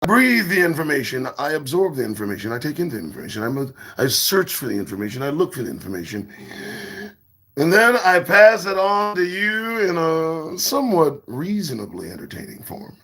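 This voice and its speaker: A man hosting his own morning show, talking in a profane, preachy monologue that swings between shouts and whispers. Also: a little high, very animated, fairly quick. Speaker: show host.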